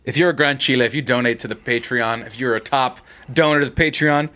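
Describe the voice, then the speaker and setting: A man's voice: mid-range voice, fast, pushed and bright. A man hosting a casual group podcast, joking around and rambling through plugs. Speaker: podcast host.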